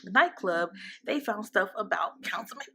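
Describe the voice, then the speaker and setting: A woman casually recapping a TV episode in a candid, profane and animated way. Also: medium pitch, unhurried, gravelly. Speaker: TV show recap vlogger.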